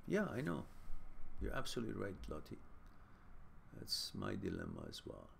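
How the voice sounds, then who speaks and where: A man's voice: on the low side, huge pitch swings, moderate pace, gravelly, a little hiss or hum. A man hosting a live Q&A stream, talking casually and loosely, with frequent restarts. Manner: loose, rambling, with many fillers and restarts. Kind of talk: casual live-stream chat, reading viewer comments.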